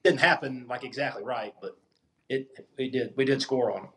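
A middle-aged former football coach from the Mississippi Gulf Coast, guesting on a podcast. He tells his stories in a relaxed, matter-of-fact way with casual fillers, at an ordinary middle pitch. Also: normal speed.

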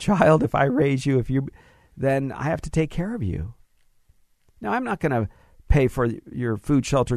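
A man's voice: medium pitch, gravelly, darkish tone, no room sound, clean studio sound. A man hosting a financial radio talk show, giving advice in a folksy, conversational monologue that speaks straight to listeners.

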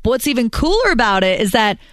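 A woman's voice: a little high, sing-song, fast talker, no echo, clean studio sound. Playful woman co-host telling a story. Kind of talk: casual radio show banter.

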